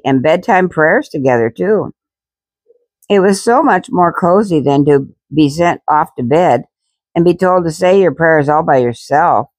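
Woman reader for a children's story, gentle, expressive, lively and gravelly. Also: sits low, no echo. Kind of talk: reading a children's storybook aloud.

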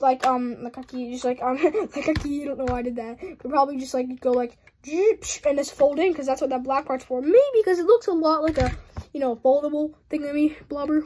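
A woman's voice: sits high, darkish tone, slight background noise. A young woman casually talking through a model build on her channel, giggling often and rambling with frequent apologies. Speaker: hobby channel host.

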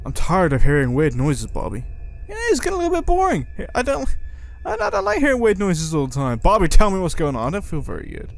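Lively, fairly high-voiced man playing a horror game. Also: quick pace, creaky. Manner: jumpy, reacts aloud and swears; reads in-game lines aloud to himself. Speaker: gaming video host. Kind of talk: horror let's-play commentary.

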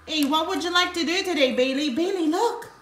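A woman's voice: very high voice, a little fast, very noisy. A woman at home talking to her dog in coaxing, sing-song baby talk during a casual home video. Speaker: dog owner. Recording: echoey room.

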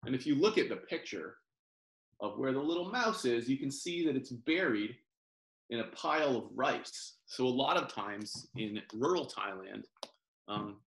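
A man reading a children's picture book aloud in a gentle sing-song, pausing to explain words over a video call. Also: mid-range voice, vocal fry, a little hiss or hum. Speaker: professor reading picture books to families. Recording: roomy echo.

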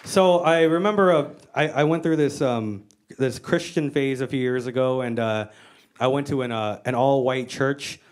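A woman's voice: extremely low pitch, normal speed, darkish tone, some chatter behind. An American woman doing a stand-up comedy set on stage, brash, profane and self-mocking. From United States. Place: comedy stage before a live audience.

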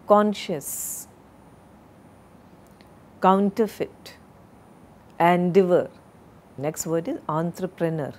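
Woman, lecturer, slow deliberate delivery, lowish pitch, recorded lesson, lapel mic. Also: a little hiss or hum. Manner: slow, deliberate, drills word pronunciations.

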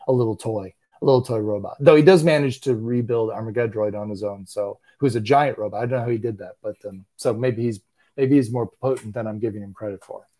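A man's voice: on the low side, fast talker, warm tone. A middle-aged man chatting as an interview guest, wry and self-deprecating, often restarting his sentences. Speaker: interview guest, animation creator. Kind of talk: casual interview chat.

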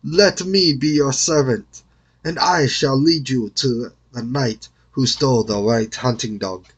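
A man's voice: medium pitch, unhurried, breathy edge. A man reading aloud, voicing a defiant male dwarf servant in a storybook. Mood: pleading. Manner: stubborn, then pleading.

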